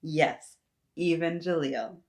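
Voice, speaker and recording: A woman's voice: sits low, slow pace, darkish tone. A woman voicing a firm but kindly woman who raises the children, in a put-on Jamaican accent. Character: firm caring Jamaican woman raising the kids.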